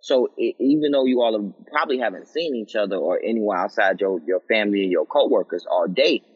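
A man at home on a group call, calmly explaining and building his point in a measured way. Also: on the low side, breathy edge. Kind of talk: casual group chat. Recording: dull lo-fi audio with long reverb.

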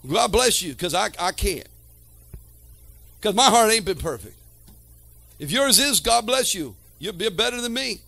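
High-voiced man preaching a sermon. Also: lively intonation, measured pace, vocal fry, pauses often. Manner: preaching with swings from quiet to shouted; calls to the congregation.

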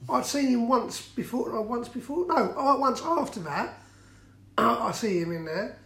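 High-voiced man telling anecdotes. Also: animated, measured pace, gravelly, sharp tone. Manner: chatty anecdotes, laughing often. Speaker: podcast co-host. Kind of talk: casual chat. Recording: roomy echo.

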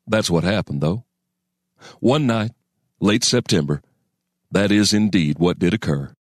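A man narrating a western story in a folksy storyteller cadence with deliberate pauses. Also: sits low, no echo, clean studio sound. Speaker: audiobook narrator.

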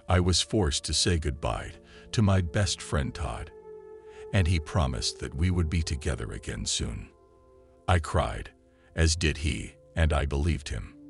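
A man narrating a listener's written story in the first person, in a calm and measured reading style. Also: a bass voice, gravelly. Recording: soft music behind the voice.

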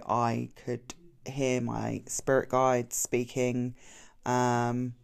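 A woman's voice: very deep voice, vocal fry. A woman hosting her own podcast, talking chattily and effusively in a casual solo monologue. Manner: chatty and effusive, quick swings in loudness. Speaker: podcast host.

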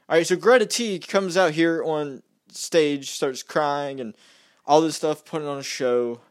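A young vlogger with a somewhat high voice rambles through a casual political rant at normal speed. He repeats himself and mocks the other side.

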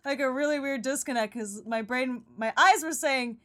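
Giggly rambling woman, fairly high voice. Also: moderate pace, few pauses, a bit bright. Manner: rambling, giggly, lots of fillers. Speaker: podcast co-host. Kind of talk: casual chat about a TV show.

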